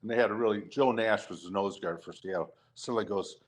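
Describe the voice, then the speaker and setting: Older man telling animated stories. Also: fairly low pitch, brisk. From Detroit, USA. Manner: animated storyteller, acts out quotes, laughs often. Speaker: guest, retired football player. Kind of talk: casual storytelling chat.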